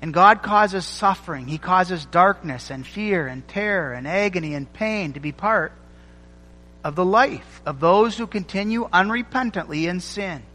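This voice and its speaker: Man, sermon, high-pitched, emphatic repetition, long hall reverb. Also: expressive, bright, forceful tone. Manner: emphatic, rhythmic repetition with dramatic pauses. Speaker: preacher.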